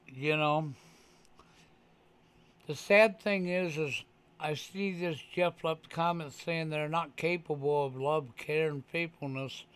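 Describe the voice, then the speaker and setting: A man's voice: fairly high pitch, fairly bright tone, clear, resonant tone. A man talking casually on a live stream, emphatic and profane, often pressing his point with "okay". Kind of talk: casual chat.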